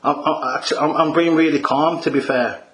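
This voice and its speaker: A man's voice: fairly high pitch, fairly even intonation, fairly quick, a bit bright. A man making an irate, repetitive phone complaint as a customer, calling the agent mate.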